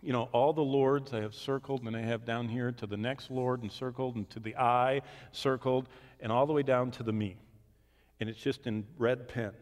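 A man teaching the Bible in a question-and-answer session, swinging from emphatic declarations to hushed asides. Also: medium pitch, fairly even intonation, moderate pace. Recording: long reverb of a large hall.

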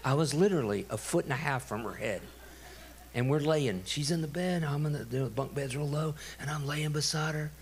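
A middle-aged man, a pastor telling a story in a sermon, animated and laughing. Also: fairly high pitch, moderate pace. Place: church.

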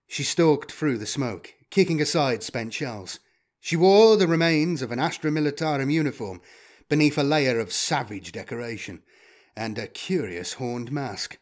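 Man reading an action story aloud, super animated pitch, mid voice. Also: moderate pace. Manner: expressive, lively delivery. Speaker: audiobook narrator. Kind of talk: dramatic story narration.

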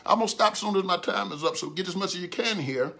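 High bright-voiced preaching man. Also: fast talker, creaky, slightly rough. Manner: preaching with rising shouts and repeated prayer lines. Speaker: pastor. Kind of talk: sermon. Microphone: livestream.

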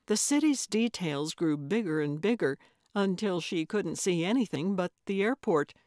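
A woman narrating a cozy mystery audiobook in a slow, measured storytelling manner. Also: on the low side, expressive, a little mellow, no echo, studio quality. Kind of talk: scripted narration.

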